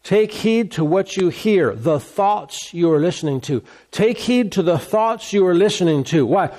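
A man's voice: high-pitched, animated, measured pace, dark tone. A male pastor preaching a sermon, repeating key words for emphasis and asking rhetorical questions.

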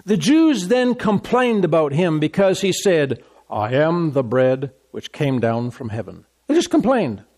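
A man delivers a lively sermon, repeating his verse references again and again. His voice sits a little high for a man, and he jumps between reading scripture and teasing the congregation. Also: a little slow. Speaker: pastor.

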